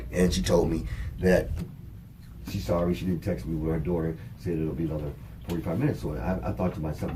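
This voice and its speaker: A man co-hosting a talk show, casually telling a story in an animated, profane way and acting out what people said. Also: low voice. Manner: animated, profane, acts out quoted dialogue. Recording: distant mic with faint background noise.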